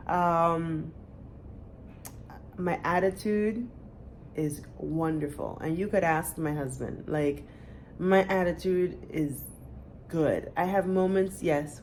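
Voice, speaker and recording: A woman's voice: lowish voice, darkish tone, a little hiss or hum. A woman in her thirties, chatting candidly to the camera for her vlog, with lots of fillers. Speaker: vlogger. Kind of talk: casual chat to camera.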